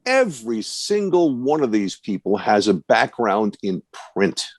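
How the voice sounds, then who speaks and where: A man's voice: lowish voice, a little slow, breathy edge, no echo. An older man coaching broadcasters, giving confident, wry advice in an online question-and-answer session over a video call. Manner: confident, wry, lively storytelling. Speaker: broadcast coach and guest speaker.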